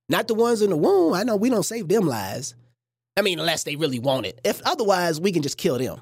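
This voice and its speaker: Lively, joking woman streamer. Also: fairly low pitch, fairly quick, slightly rough, no room sound, studio quality. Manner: animated, joking, preachy asides. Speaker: livestream host. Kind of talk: casual reaction commentary.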